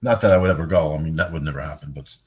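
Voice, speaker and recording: A man's voice: extremely low pitch, rapid-fire, slightly rough. A tired older man hosting a rambling, profane late-night livestream, chatting loosely with his viewers and yawning. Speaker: livestream host.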